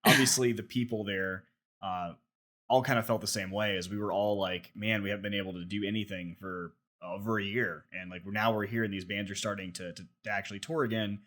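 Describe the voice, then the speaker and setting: A man's voice: on the low side, fairly even intonation, brisk, a bit bright. A man co-hosting a podcast, telling a long story in casual chat, full of fillers and restarts. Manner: rambling, filler-heavy storytelling. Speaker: podcast co-host.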